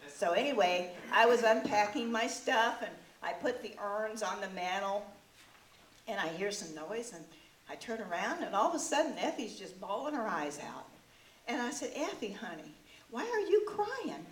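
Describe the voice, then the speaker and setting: Woman doing an old widow comic, rambling and deadpan; recorded from across an echoey meeting room with hiss. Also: mid-range voice, normal speed, lightly acted. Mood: folksy. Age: older. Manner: folksy rambling storytelling with deadpan punchlines. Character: brassy old widowed woman, many husbands, self-mocking. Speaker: comic character performer. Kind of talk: stand-up character monologue. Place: club meeting room before a live audience. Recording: echoey room, distant mic, faint hiss.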